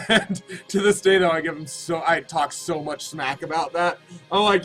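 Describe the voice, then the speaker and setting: Man, thirties, high voice, excitable rambling, faint background music. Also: a little slow, poor audio. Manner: rambling, excitable, lots of fillers and restarts. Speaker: Twitch streamer. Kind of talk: casual storytelling to stream chat.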